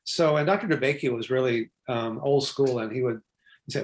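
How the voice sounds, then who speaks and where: An older man from Texas, a physician guest telling stories in an interview, talking quickly with asides and quoted dialogue. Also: mid-range voice, fairly even intonation. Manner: fast, chatty, with asides and acted-out quotes. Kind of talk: animated storytelling interview.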